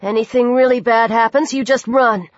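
A woman's voice: a little high, steady tone, moderate pace, no room sound, close to an everyday voice. A woman voicing a nervous but protective teenage boy in an audiobook, urgent and shaky, in a dry, dull recording.

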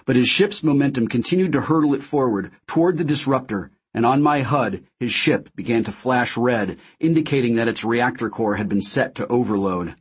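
A man narrating a first-person audiobook in a measured, dramatic way. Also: medium pitch, husky.

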